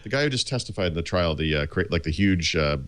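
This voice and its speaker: A man's voice: deep voice, lively intonation, fast talker, a bit bright, smooth. A man with a Boston accent, co-hosting a show and telling a rambling, anecdotal story in casual chat. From Dedham area, Massachusetts. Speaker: co-host.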